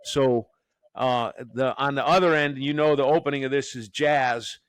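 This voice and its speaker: A man's voice: medium pitch, normal speed, clean tone, no room sound. A man from the Northeastern US hosting a podcast as a professor, joking and rambling with many restarts. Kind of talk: casual podcast chat.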